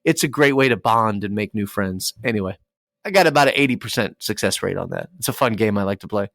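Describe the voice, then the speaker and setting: A man, a radio DJ, chatting as a podcast guest and telling lively stories with acted-out dialogue. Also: fairly low pitch, fast talker, gravelly, dry recording. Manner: animated storyteller acting out dialogue. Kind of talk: casual podcast interview.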